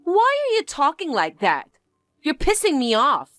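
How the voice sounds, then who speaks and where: A shrill, spoiled young stepsister with a sing-song, swooping delivery, as a woman puts her on in a dramatized story. She sounds condescending and demanding, and her words come out slow and drawn out. The voice is close and dry, with faint music underneath. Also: wildly swooping pitch, fairly bright tone, dry recording, heavily acted. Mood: smug, bratty.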